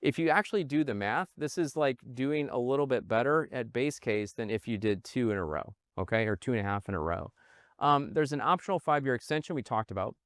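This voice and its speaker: An animated man pitches to investors, his pitch rising and falling in wide swings. The room sounds dry and close. He keeps tossing in "okay?" and talks to his audience as "guys.". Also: fairly quick, dry recording. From Midwest United States. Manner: animated, punctuates with "okay?", addresses viewers as "guys". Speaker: real estate investor pitching a fund. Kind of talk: presentation to investors.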